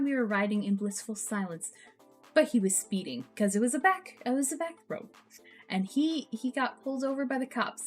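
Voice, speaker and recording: A woman streamer reacting to posts and telling stories in an animated, profane, ranting way. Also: fairly high pitch. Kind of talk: casual storytelling stream.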